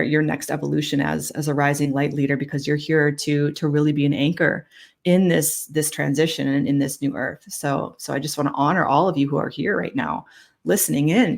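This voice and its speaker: Soft-spoken woman easing into a spiritual talk. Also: deep voice, vocal fry. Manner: soft, halting, repeats words as she restarts. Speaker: spiritual channeler, podcast host.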